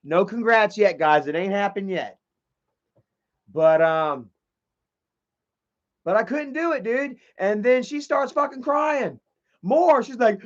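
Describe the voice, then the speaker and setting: A man speaks slowly in a high-pitched voice, leaving long pauses, during a livestream with dull lo-fi audio. He tells a long, rambling, profane story about himself and reads messages from chat aloud.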